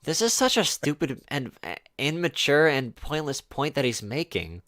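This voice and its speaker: A man's voice: a little high, big pitch swings, normal speed, fairly bright tone, dry recording, clean studio sound. A man streaming live, reacting to a video with sarcastic, mocking commentary and talking back at the speaker.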